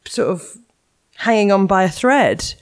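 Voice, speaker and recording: Playful woman with a lively voice. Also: medium pitch, unhurried. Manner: teasing, playful, asks lots of questions. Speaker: podcast co-host. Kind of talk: casual chat.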